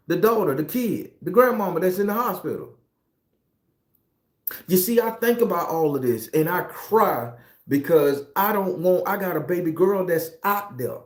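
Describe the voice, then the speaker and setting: A man's voice: sits high, expressive, moderate pace, darkish tone. A middle-aged man with a Southern US accent, a tarot reader giving a preachy, profane and confessional spiritual monologue. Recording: echoey room.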